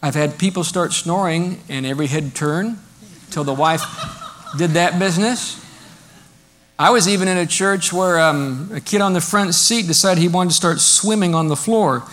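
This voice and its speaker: Pastor guy preaching in church, high voice, gets loud and lively, does little mocking bits. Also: normal speed, slight background noise. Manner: animated preaching, mock voices of modern critics. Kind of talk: sermon.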